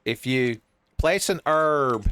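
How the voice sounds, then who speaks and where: A man's voice: medium pitch, lively intonation, takes it slowly, fairly bright tone, smooth, dry recording. A man giving joking, rambling commentary while he plays a horror game, often laughing at his own jokes. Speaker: streamer playing a horror game.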